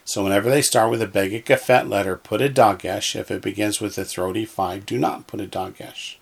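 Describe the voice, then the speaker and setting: A man's voice: lowish voice, steady tone, fairly quick, gravelly, husky. A man teaching a language lesson, patiently saying each word twice so that listeners can repeat after him. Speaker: Hebrew teacher. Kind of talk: slow, deliberate language lesson.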